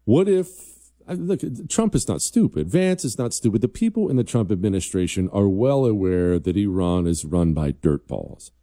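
A combative man hosts a political commentary show in a low, mellow voice. He drives each point hard and keeps an emphatic edge. The sound is dry and close, with no room around it. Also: sing-song, moderate pace, no room sound. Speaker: host.

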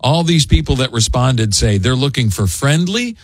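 A man's voice: medium pitch, moderate pace, dry recording. A man hosting a morning radio show, chatting and joking in a studio. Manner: chatty, jokey, lively. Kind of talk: casual morning radio chat. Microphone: studio mic.

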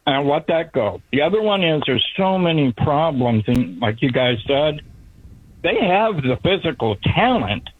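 Frustrated man calling in over a thin phone line, slightly higher voice. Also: big pitch swings, unhurried, slightly rough. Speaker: caller. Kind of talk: call-in radio talk.

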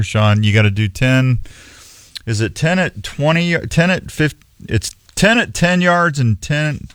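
A man's voice: medium pitch, no echo. Folksy rambling man, dry studio sound. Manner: rambling, folksy, self-mocking. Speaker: radio show host. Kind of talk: casual on-air chat.

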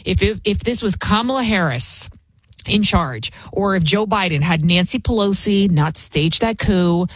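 A woman hosts a political commentary show, driving her points home with emphatic, sarcastic repetition. Her voice sits in a middle pitch range. The recording is close and dry, with no room sound. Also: lively intonation, measured pace, dry recording. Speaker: talk show host.

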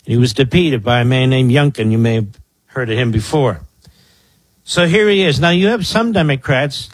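A husky, slightly breathy man in his sixties hosts a political talk radio show from a dry, close studio mic. He is from the Philadelphia area and delivers sarcastic, mocking commentary, often throwing remarks to his producer. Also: mid-range voice, moderate pace, no echo. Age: 60s.

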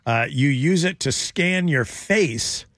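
A man's voice: a little high, lively intonation, takes it slowly, fairly bright tone, no room sound. Wry male radio host, dry studio sound. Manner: wry, joking, reads news items aloud. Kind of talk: morning radio talk show banter.

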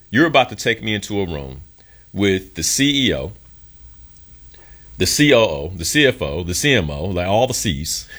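A man's voice: low voice, pushed and bright. A young adult man hosting a show, telling a story from his career as an emphatic motivational monologue and acting out the voices of people in it. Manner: earnest, emphatic, acts out quotes in his story. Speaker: podcast host.

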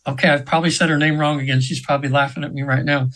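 A man's voice: a little high, level tone, rapid-fire, a bit bright, rough recording. A man in his seventies, a hypnotherapist telling a story as a guest in an interview, earnest and rambling with many restarts. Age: 70s.

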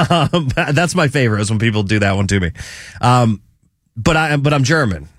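A man's voice: mid-range voice, lively intonation, normal speed, a bit bright, no echo, clean studio sound. A man hosting a radio show, teasing his co-host in casual banter and often stumbling over his words. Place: radio studio.

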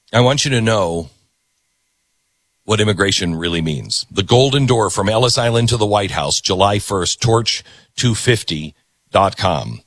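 A male talk show host delivering an animated opinion monologue, sarcastically acting out quoted voices. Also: lowish voice, no room sound, studio quality.

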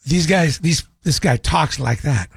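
Husky-voiced male radio talk host. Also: fairly high pitch, a little slow, dry recording, studio quality. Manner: chatty, wry, opinionated. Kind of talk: casual radio monologue.

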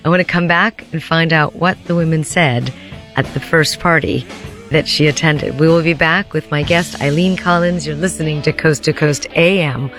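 A woman's voice: deep voice, steady tone, moderate pace, music in the background. A woman hosting a radio interview, giving brief affirming interjections. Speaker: radio host.

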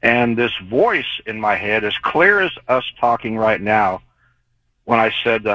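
A man's voice: on the low side, expressive, normal speed, sharp tone, no room sound, highs cut off. A man calling in to a radio show, telling his stories in a rambling, earnest way. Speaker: caller. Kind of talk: call-in storytelling.

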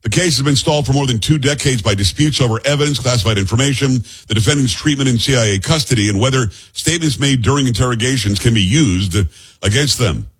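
Blunt, heated husky man ranting. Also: mid-range voice, fast talker. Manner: blunt, heated, stumbles over names. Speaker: host. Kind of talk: opinionated news commentary.

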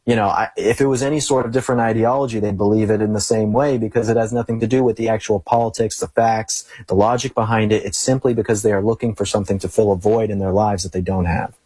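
A young man talking as a guest in a casual interview, earnest and repeating phrases for emphasis, with a husky voice. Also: lowish voice, steady tone, fast talker, few pauses, dark tone, no room sound. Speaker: guest, conservative commentator.

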